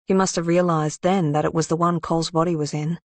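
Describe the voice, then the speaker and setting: A woman's voice: sits low, steady tone, brisk, no room sound. A woman voicing a blunt, sardonic woman sleuth in an audiobook who swears often. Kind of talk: audiobook character reading.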